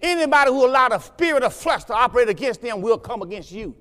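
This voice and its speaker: Man, pastor, high voice, conversational preaching that builds to loud exhortation, long echoing reverb. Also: expressive, fast. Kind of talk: sermon. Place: church sanctuary.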